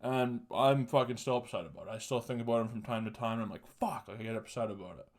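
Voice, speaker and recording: This twenty-something podcast host talks fast at medium pitch, meandering through a vulgar personal anecdote. He curses a lot, frequently cracks up laughing, and sounds loose and casual throughout.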